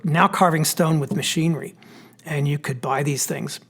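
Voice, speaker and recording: A man with a Pennsylvania accent, an architect giving a relaxed, explanatory slide lecture with plenty of fillers. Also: on the high side, moderate pace, slightly rough. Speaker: architect giving a history talk. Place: church hall.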